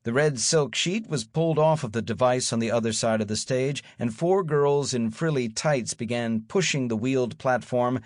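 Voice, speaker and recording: A man's voice: mid-range voice, moderate pace, few pauses, dry recording. A man narrating an audiobook in the first person, with wry, dry storytelling.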